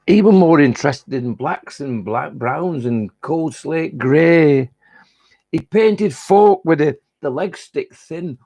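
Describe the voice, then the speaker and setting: A cheeky, boastful butterfly with a broad Lancashire accent, put on by a man reciting a comic poem. The voice is creaky and husky, sits a little higher than a plain speaking voice and springs up with pride, and it is recorded close and dry. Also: warm tone, no room sound. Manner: chatty and boastful, broad northern dialect words. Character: cheeky boastful male caterpillar-turned-butterfly.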